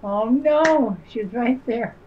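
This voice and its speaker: A woman chatting casually while watching a video, reacting with many drawn-out oohs and ohs. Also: fairly high pitch, dull audio, a crowd in the background.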